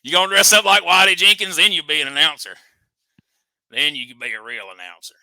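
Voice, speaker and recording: A man's voice: a little high, fairly quick, bright, forceful tone, no room sound. A man hosting a comic show, needling his guest in boastful country banter. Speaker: host.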